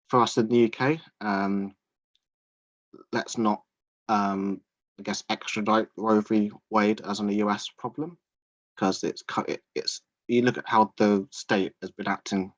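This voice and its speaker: Man, event host, monotone, hesitant, low, muffled dry recording. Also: no echo. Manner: hesitant, many fillers. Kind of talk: panel discussion.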